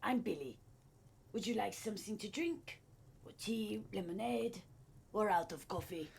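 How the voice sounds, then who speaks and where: A man voicing a nervous working-class woman in a put-on French accent, hushed and hesitant. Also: high-pitched, measured pace, gravelly, a little hiss or hum, pitched above the performer's own voice.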